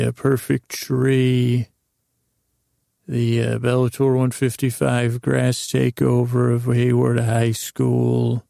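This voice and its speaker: Rambling man with a gravelly, flat voice. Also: mid-range voice, dry recording, studio quality. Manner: meandering, halting, full of ums and restarts. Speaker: podcast host. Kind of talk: rambling improvised sleep story.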